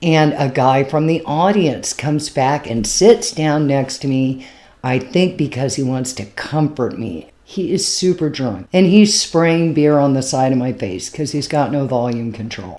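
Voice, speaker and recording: A woman's voice: a bass voice, mellow. A woman comedian telling a story casually, frank and self-mocking, with laughs slipping in. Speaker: stand-up comedian.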